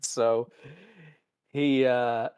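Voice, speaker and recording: A man's voice: medium pitch, drawn-out words, smooth. A man hosting a podcast, animatedly retelling a show's plot in casual chat. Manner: animated storyteller, laughs while telling. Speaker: podcast host. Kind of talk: casual episode recap.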